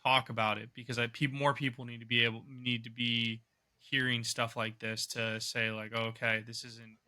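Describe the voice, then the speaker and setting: A man's voice: mid-range voice, flat delivery, moderate pace, pushed and bright. A man from the United States, a guest on a podcast, speaking in an earnest, reflective way. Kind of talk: podcast interview.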